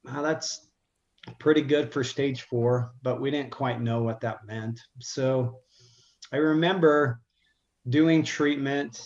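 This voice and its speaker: An earnest middle-aged man recounts a personal story in an unhurried, halting way, often restarting his sentences. His voice sits at an ordinary pitch. The recording has a roomy echo and a slightly dull, muffled top end. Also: a little mellow. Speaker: guest telling his story.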